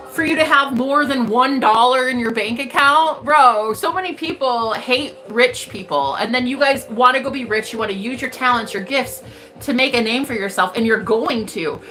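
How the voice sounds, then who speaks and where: A woman's voice: sits high, expressive, moderate pace, sharp tone, soft background music. A woman, a spiritual reader, giving an emphatic, profane motivational rant straight to her viewers.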